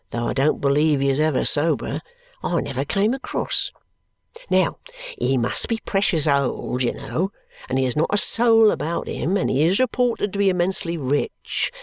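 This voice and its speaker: A reader voicing a scheming, sentimental young male law clerk who talks in a confiding, often hushed and whispery way. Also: medium pitch, vocal fry, no echo.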